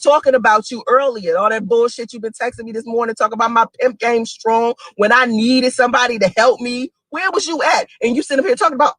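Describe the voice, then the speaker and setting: A woman in her forties tells stories straight to the camera in a dry, close recording. She talks in an animated way, laughing often, and her voice jumps up in pitch for emphasis. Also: dry recording. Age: 40s. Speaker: single mother telling stories to a friend. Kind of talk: casual monologue video.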